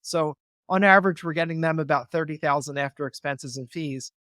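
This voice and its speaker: Being interviewed, a real estate investor makes his points earnestly and persuasively in conversational explanation, even acting out phone calls. His slightly high voice is bright and forceful, fairly quick, with studio-quality sound and no room sound.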